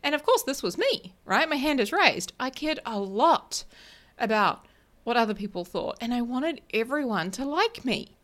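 A woman's voice: on the high side, big pitch swings, moderate pace, a bit bright. A woman life coach hosting her own podcast, talking casually and often checking in with "right?" and a small laugh at herself. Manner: chatty, keeps asking "right?", laughs at herself. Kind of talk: casual solo podcast talk.

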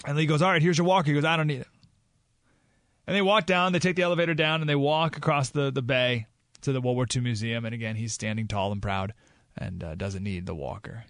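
Male radio host, storytelling monologue, animated delivery, dry studio sound. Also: mid-range voice, fast, no echo. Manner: animated storytelling, rising to excited emphasis.

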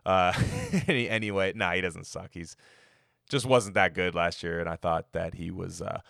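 A man's voice: low-pitched, steady tone, moderate pace, vocal fry, a bit bright, no room sound, clean studio sound. A man giving loose, profane, opinionated football draft takes in a casual podcast ramble. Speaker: NFL mock draft podcaster. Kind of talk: casual sports talk.

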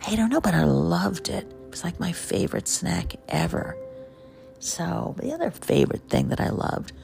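Gravelly, swooping host voice, keyed up and confessional, recorded at home over background music. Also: mid-range voice, moderate pace. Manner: excitable, jazzed up, drops into hushed asides. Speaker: podcast host and memoir author. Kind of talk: personal gratitude monologue. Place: home, early morning, quiet for neighbors.

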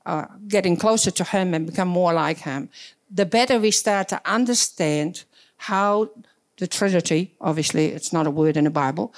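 A woman on a church panel, earnestly explaining scripture and quoting verses. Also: lowish voice.

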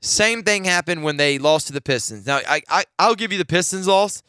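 A man's voice: high voice, animated, a little fast, bright, forceful tone, smooth, no room sound, studio quality. A man hosting a sports talk radio show, giving opinionated takes that build into emphatic rants.

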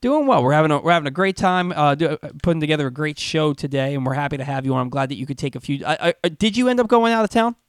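Male sports radio host, animated and stumbling, dry close studio mic. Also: on the high side, rapid-fire, hardly any pauses, smooth, dry recording. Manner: animated, stumbles over words.

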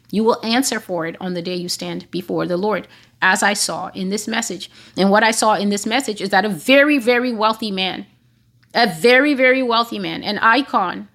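A woman's voice: medium pitch, fairly bright tone. A woman giving a prophetic teaching monologue, emphatic and repeating phrases for stress.

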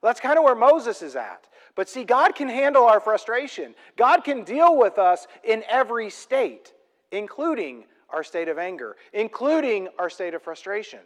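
A man preaching a sermon, emphatic and full of rhetorical questions, swinging between loud and soft. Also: high voice, very animated, normal speed, in a large hall. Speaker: pastor.

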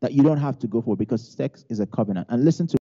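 A man's voice: mid-range voice, rapid-fire, mellow, husky, lo-fi sound. A male pastor delivering a sermon, hammering key phrases through repetition and weaving in humorous personal stories.

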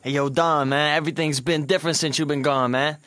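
A streetwise guy, slangy relaxed talk, bright tense tone, higher voice. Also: fairly quick. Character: streetwise man reuniting with an old friend.

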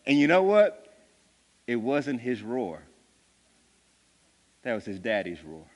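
A man preaching a sermon, with animated, emphatic delivery that builds to loud peaks. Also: medium pitch, takes it slowly. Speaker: pastor. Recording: long reverb of a large hall.

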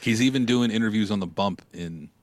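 A man with a very deep voice joins the casual chat as a co-host, dropping wry, teasing remarks. His delivery is dry and close to the mic, with no room sound. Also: fairly quick, dry recording. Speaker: podcast co-host.

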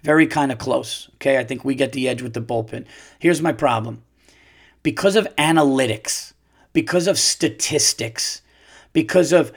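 A man hosting a podcast, ranting loudly and profanely about sports. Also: medium pitch, moderate pace, breathy edge. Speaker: podcast host. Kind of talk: solo podcast rant.

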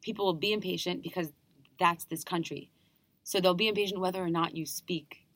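Chatty American woman, slightly low voice. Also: fairly even intonation, a bit bright, no room sound. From New York. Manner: chatty, enthusiastic, quick restarts. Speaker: guest performer. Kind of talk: casual interview chat.

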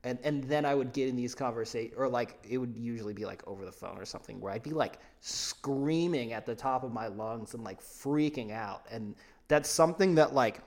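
A man's voice: medium pitch, fairly quick. A young man in his twenties co-hosting a podcast, rambling and swearing freely. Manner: animated, swears, rambling fillers. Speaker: podcast co-host. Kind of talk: casual chat.

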